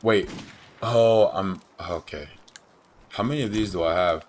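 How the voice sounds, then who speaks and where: A man's voice: deep voice, unhurried, slight background noise. A young man livestreaming a game, chatting in a slangy, blunt way and saying "bro" a lot. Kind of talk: casual chat while gaming.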